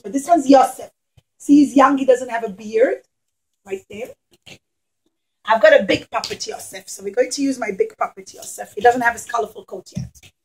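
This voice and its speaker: A woman telling a puppet show story to young children, animated and talking straight to them. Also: a little high, rough recording.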